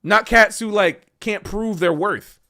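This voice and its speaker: A man's voice: high voice, slow pace, creaky, pushed and bright. A man who is a jazz musician, ranting casually on a livestream in an emotional, passionate way and calling people bro.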